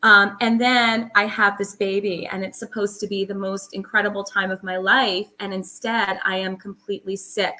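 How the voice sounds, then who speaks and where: A woman's voice: mid-range voice, little pitch movement, moderate pace, few pauses, sharp tone. A middle-aged woman, a holistic psychologist, telling her story as an interview guest in an earnest, emphatic way with many fillers.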